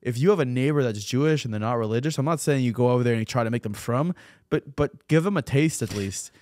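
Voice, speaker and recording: A man's voice: mid-range voice, fast, darkish tone. A man hosting a casual podcast chat, telling news stories conversationally and often repeating words as he gathers his thoughts. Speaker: podcast host.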